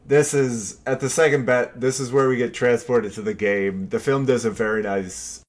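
A man's voice: medium pitch, steady tone, moderate pace. A man co-hosting a podcast, talking about a movie in a joking, playful way. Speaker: podcast co-host. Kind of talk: casual chat.

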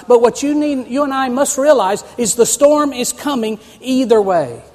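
A man's voice: very high voice, expressive, moderate pace, hardly any pauses, a little mellow. A man preaching a sermon as pastor, calling on the congregation to answer back and turn to scripture. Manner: preaching with call-and-response to the congregation. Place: church sanctuary. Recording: long reverb of a church hall.

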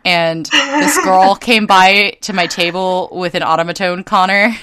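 A young adult woman hosting a podcast, telling convention stories in casual chat, animated, swearing freely and laughing often. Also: medium pitch, a little slow. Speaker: podcast host and convention artist.

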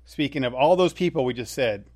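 A man co-hosting a casual podcast, talking in a relaxed, conversational way with frequent restarts. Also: mid-range voice, fairly quick. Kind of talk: casual chat.

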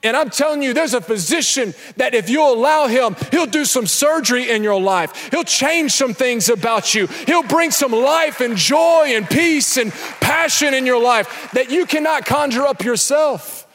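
A young man preaching an energetic sermon to a church crowd, sometimes breaking into shouts. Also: extremely high pitch, normal speed, hardly any pauses. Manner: energetic, building to shouts, with acted asides. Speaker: pastor. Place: large church hall. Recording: echoey church hall with long reverb.

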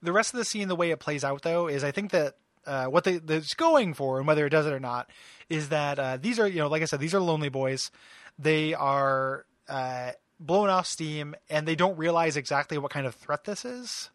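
A man's voice: a little high, moderate pace, no echo, clean studio sound. A man co-hosting a podcast, chatting loosely about a cartoon episode and laughing often. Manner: loose and laughing, lots of fillers and restarts. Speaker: podcast co-host. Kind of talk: casual chat recapping a cartoon episode.

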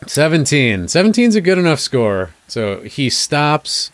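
A man narrating as game master of a tabletop game, talking in a relaxed, rambling way with many fillers. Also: fairly high pitch, measured pace, no room sound.

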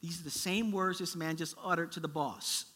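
A man preaching a sermon, telling a story in a lively way and acting out its characters. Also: a little high, moderate pace. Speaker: pastor.

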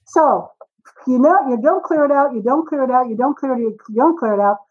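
Animated storytelling woman in her forties. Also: high-pitched, a little fast, breathy edge, highs cut off. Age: 40s. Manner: animated storyteller, acts out dialogue. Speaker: guest author. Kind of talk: podcast interview.

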